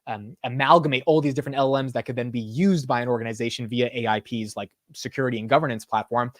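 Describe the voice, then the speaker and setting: A man's voice: medium pitch, dry recording, clean studio sound. A man hosting a live stock market show in casual commentary, rambling and blunt with casual swearing.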